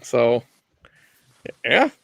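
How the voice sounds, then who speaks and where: A man in his thirties on a video call, telling a funny work story in a casual, animated way. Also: very slow, dry recording. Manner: animated storyteller, jumps into high voices for quotes. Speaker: guest on live vinyl chat. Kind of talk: casual anecdote on a live stream.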